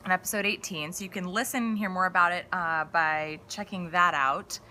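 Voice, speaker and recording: A young woman chats casually as co-host, teasing and chatty, her voice bright and lower than most women's. A faint hiss sits under the talk. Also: fairly even intonation, brisk. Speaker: podcast co-host. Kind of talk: casual live-stream chat.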